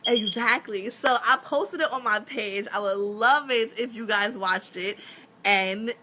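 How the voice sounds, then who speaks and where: A bright, sharp-toned woman in her thirties talks casually to her followers on a live stream. She tells stories with lots of energy, laughs often and swears without a second thought. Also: a little high, measured pace. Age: 30s. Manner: animated storytelling, laughs often, swears freely.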